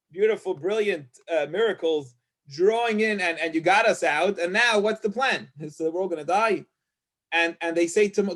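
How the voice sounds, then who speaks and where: A man's voice: sits high, fairly bright tone. A male rabbi giving a casual Torah lesson, reading out Hebrew verses and paraphrasing them in chatty English. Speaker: rabbi teacher.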